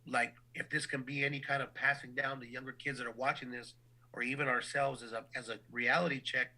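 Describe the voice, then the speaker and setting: A man with a very bright, ringing voice tells stories from his work as a boxing ring announcer. He talks in an animated, casual way and often stumbles over repeated words as he begins a sentence. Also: mid-range voice, fairly quick, rough recording. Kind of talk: casual interview storytelling.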